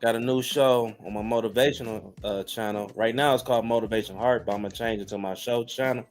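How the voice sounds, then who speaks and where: A man who hosts a sports show, chatting on a podcast panel in a relaxed way with lots of filler words. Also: medium pitch, fairly quick, faint music behind. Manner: relaxed, leans on "you know" fillers. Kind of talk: casual panel chat.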